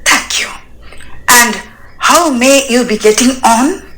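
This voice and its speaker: A woman's voice: on the high side, slow pace, sharp tone, rough recording. A woman reading the part of a nervous, flustered young male suitor who speaks with stiff, formal politeness and stumbles over his words, in a dramatic reading of a stage play.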